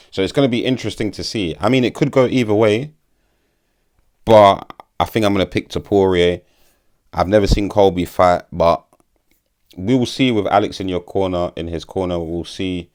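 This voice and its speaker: A man's voice: low-pitched, vocal fry, a little mellow. A man giving casual commentary as a vlogger, rambling, swearing freely and stumbling over names.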